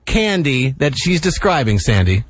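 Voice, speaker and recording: A man hosting a morning radio show, jokey and quick in his patter. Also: medium pitch, very animated, breathy edge. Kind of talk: upbeat radio banter.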